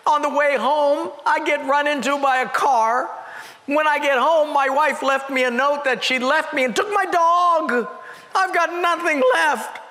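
A man's voice: very high-pitched, pushed and bright, in a large hall, pitched above the performer's own voice, exaggerated voice. A pastor voicing a despairing man who has had the worst day of his life, talking in a pleading, tearful way.

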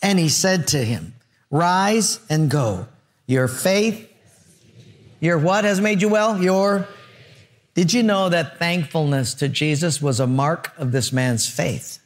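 An older male pastor preaching a sermon, telling stories with lively character voices. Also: a little high, unhurried. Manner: storytelling with animated character voices.

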